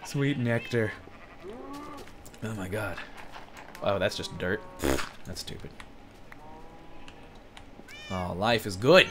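A gaming commentator giving excitable let's play commentary, jumping from yelps to low mutters and laughing often. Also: noisy background.

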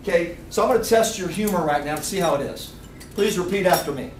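A man giving a lively seminar talk, quizzing the audience and acting out little scenes. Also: high voice, quick pace, noisy background. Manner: energetic, quizzes the crowd, acts out little scenes. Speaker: seminar speaker. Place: meeting room with audience. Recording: echoey room, picked up from a distance.

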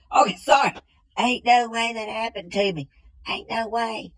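A woman playing a slow-witted, bumbling country man in a comedy sketch, drawling and repeating the same catchphrase. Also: fairly high pitch, fairly bright tone, breathy edge, low-quality recording.

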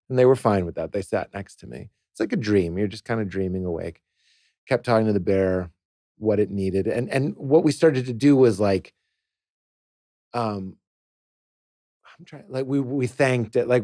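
A man, a comedian guest, tells a personal story in a podcast studio, animated and playful, slipping into quoted voices. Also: fairly low pitch, moderate pace, long pauses, dry recording. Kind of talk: casual podcast conversation.

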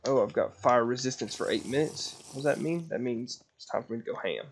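A man streaming a block-building game, joking loudly, swearing and breaking into panicked yells. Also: medium pitch, a little fast, gravelly, slight background noise. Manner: loud, joking, swearing, bursts into panicked yelling. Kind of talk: casual gaming chat.

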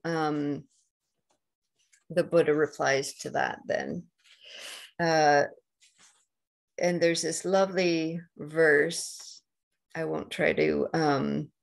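A woman with a Canadian accent giving a dharma talk as a meditation teacher, gentle and unhurried, pausing often with soft fillers. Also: low-pitched, creaky. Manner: slow and gentle, with many pauses and fillers.

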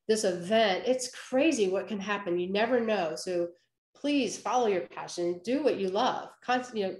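A woman photographer giving a lively storytelling talk, acting out what people said to her. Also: medium pitch. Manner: animated storyteller, acts out quoted voices. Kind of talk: storytelling presentation. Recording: roomy echo.

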